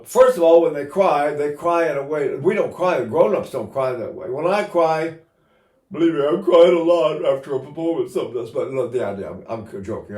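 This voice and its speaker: A voice teacher in his eighties gives an informal singing lesson in a fairly high, darkish voice. He's chatty and makes joking asides, and the recording has a roomy echo.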